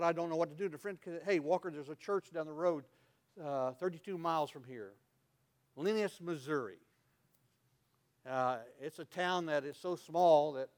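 A man preaching a sermon as pastor, telling stories and swinging from loud to quiet. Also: on the high side.

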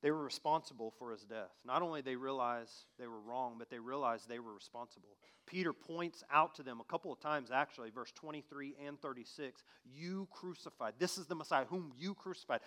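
A pastor with a medium-pitched voice preaches a sermon at normal speed, reading scripture aloud and putting direct questions to the listener. He alternates between loud, emphatic passages and quiet, hushed appeals.

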